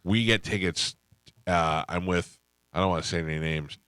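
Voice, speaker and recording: A man's voice: low-pitched, normal speed, clear, resonant tone, no room sound. A middle-aged man hosting a radio talk show, telling stories and acting out quotes in casual chat. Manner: storytelling, animated quoting of others.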